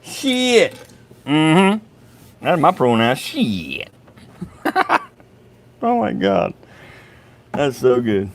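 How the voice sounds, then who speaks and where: A middle-aged man, hosting a casual live chat. He swears freely and laughs loudly at his own jokes. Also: fairly high pitch, huge pitch swings, very slow, gravelly, long pauses. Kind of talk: casual livestream chat reading comments.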